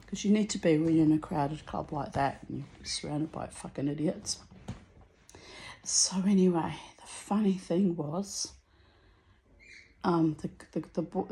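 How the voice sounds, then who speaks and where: A middle-aged woman telling a story to the camera in a casual vlog, laughing often and going high and loud when excited. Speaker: vlogger.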